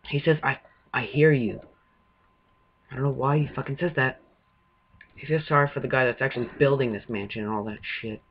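Man gaming, husky voice, nervous profane play-by-play, dull lo-fi recording. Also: medium pitch, steady tone, quick pace. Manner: jumpy, swearing running commentary. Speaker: gamer. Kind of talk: let's-play commentary.

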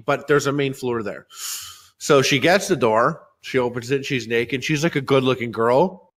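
A man's voice: medium pitch, normal speed. Rowdy, profane young man on a podcast. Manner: loud, rowdy, profane rants and storytelling. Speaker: podcast co-host. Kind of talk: crude casual podcast banter.

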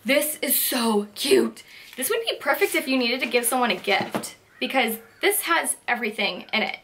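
A young woman beauty vlogger chatting casually through a makeup haul, gushing and excitable. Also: on the high side, moderate pace, slight background noise. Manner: gushing, excitable, lots of "like" and "so cute". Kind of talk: casual product haul chat.

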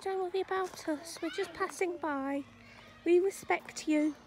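A woman's voice: extremely high pitch, a little slow, darkish tone. A woman vlogging outdoors at a wildlife park, gushing and cooing at the animals in baby talk. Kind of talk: casual vlog commentary.

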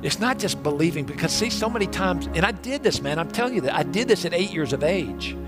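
A man's voice: high-pitched, expressive, fast talker, over loud music. A male pastor preaching a sermon in a church, telling stories with energy and many repeats and restarts. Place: church sanctuary.

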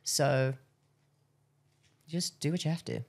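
A woman, an actress, speaks as an interview guest with a notably low voice for a woman. She is articulate and emphatic, stressing her points firmly and with animation. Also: slow, creaky, darkish tone. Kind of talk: casual interview chat.

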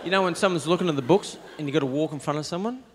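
Deadpan Australian man doing stand-up. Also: fairly high pitch, rapid-fire, in a large hall, slight background noise. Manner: laconic, deadpan storytelling with acted-out voices. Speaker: stand-up comedian. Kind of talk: stand-up comedy routine. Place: stage before a live audience. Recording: live show with loud crowd laughter. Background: loud audience laughter.

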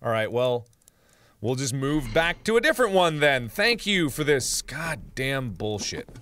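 A man in his twenties narrating his own gameplay, his pitch leaping wildly between low grumbles and high yells. He talks slowly and drawn out, repeats phrases over and over, and swears in frustration. A faint background noise sits under his voice. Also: very animated. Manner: swings from muttering under his breath to shouting and yelling. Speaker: gaming video host. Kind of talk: let's play commentary.

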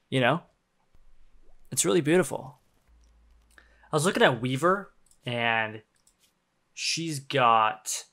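Young male streamer, animated delivery, foul-mouthed, quick to laugh, typing audible. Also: mid-range voice. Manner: profane, excitable, laughs often. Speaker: game streamer. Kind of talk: casual gameplay commentary.

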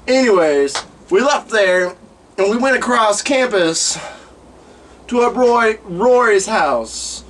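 A man's voice: high voice, slow, recorded from a distance, a little hiss or hum. A man vlogging comic stories, cursing freely and acting out the people in them. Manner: profane, animated, acts out the people in his stories. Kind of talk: comic storytelling.

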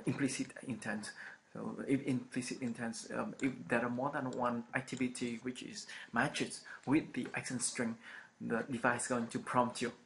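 Halting man with a gravelly flat voice. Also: mid-range voice. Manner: halting, many ums, repeats phrases with frequent okays. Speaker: programming instructor. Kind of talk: screen-recorded coding lecture. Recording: noisy home recording.

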